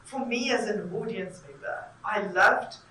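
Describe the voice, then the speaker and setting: A woman's voice: mid-range voice, unhurried, sharp tone, slight background noise. Effusive woman interviewer. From South Africa. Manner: effusive, talkative. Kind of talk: enthusiastic conversational interview. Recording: echoey room, mic at a distance.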